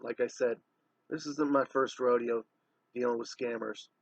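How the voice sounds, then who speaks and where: A man's voice: mid-range voice, fairly even intonation, moderate pace, no echo. A man giving a heated, scornful commentary voice-over as an online scam exposer, with a dull, slightly lo-fi recording.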